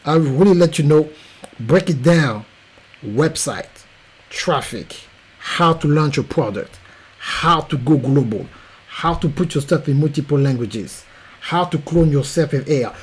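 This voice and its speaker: A man with a French accent giving an emphatic, repetitive promotional pitch as a podcast coach. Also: unhurried, a little mellow, breathy edge, poor audio.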